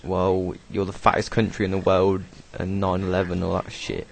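A man's voice: sits low, completely flat delivery, moderate pace, creaky. A young British man casually commenting over his own video, rambling, swearing and laughing as he goes. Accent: British English. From Britain. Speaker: video creator doing commentary.

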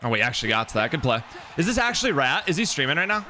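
A young male streamer talks over his game, bright and forward in tone, a little higher than most men. He chats with viewers and gets loud and excitable at bad plays. A faint hiss runs under the voice. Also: racing. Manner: excitable, yelling in frustration, chatting with stream viewers. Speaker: gaming streamer. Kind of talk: live game commentary while playing.

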